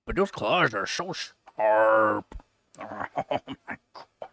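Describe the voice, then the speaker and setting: A man hosting a casual live stream, answering chat questions and cooing at his pet in a high sing-song voice between relaxed remarks. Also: very slow, creaky, no room sound, clean studio sound. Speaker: livestream host. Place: home computer setup.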